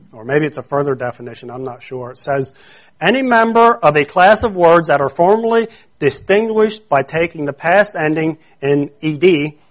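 Earnest high-voiced male preacher. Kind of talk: sermon.

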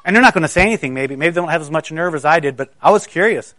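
A middle-aged man from South Carolina preaching a sermon in a higher-pitched voice. He tells stories in a casual, conversational way with stammering restarts. The sound is dry and close. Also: animated, racing, sharp tone, dry recording, faint music behind.

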